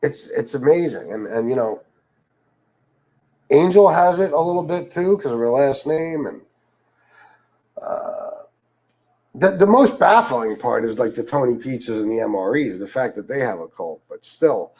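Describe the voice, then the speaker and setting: A man's voice: mid-range voice, measured pace, pauses often, husky, rough recording. A middle-aged man hosting a livestream, ranting in casual, profane commentary full of repeats and asides. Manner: profane, repetitive, animated storytelling. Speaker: livestream host.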